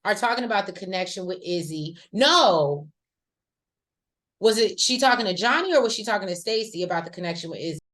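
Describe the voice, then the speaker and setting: A woman co-hosting a casual recap chat, talking in a chatty, slangy way with lively asides. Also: mid-range voice, a little fast. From rural American South. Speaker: podcast co-host.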